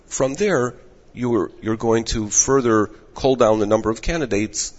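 A man who directs rabbinic placement, giving measured advice in an interview while losing his voice. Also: mid-range voice. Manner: measured, advising. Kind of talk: explanatory interview answers. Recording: echoey dull room audio.

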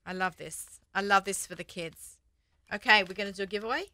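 A woman's voice: mid-range voice, a little fast, pushed and bright, no room sound. A woman hosting a radio talk show in a studio, chatty and upbeat, laughing often. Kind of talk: casual studio chat.

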